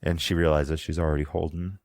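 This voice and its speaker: A man narrating a tabletop role-playing game as game master, in a casual, halting way. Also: extremely low pitch, level tone, gravelly, darkish tone, no room sound. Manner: casual, halting, lots of fillers and laughs.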